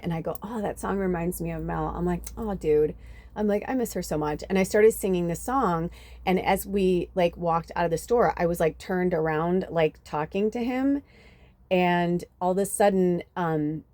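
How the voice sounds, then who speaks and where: A woman with a mellow voice on the low side hosts a spiritual reading channel. She tells a story loosely and chattily, with lots of fillers and casual swearing.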